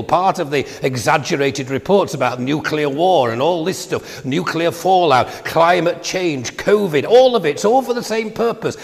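An older man delivers a sermon in a gravelly voice. He talks in a conversational way and wanders into side stories. His words ring out with a long echo in a church hall. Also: fairly high pitch. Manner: conversational, digressive preaching with asides. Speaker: preacher.

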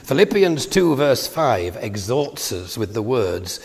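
An older man delivers a sermon in a gravelly voice. He talks in a conversational way and wanders into side stories. His words ring out with a long echo in a church hall. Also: medium pitch, big pitch swings, slow. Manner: conversational, digressive preaching with asides. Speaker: preacher.

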